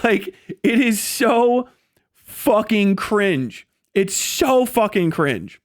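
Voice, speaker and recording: A man's voice: high-pitched, sing-song, drawn-out words, dry recording, studio quality. A young man ranting on a livestream, profane and mocking, slipping into sneering impressions of others. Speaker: live streamer. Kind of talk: angry political rant on a livestream.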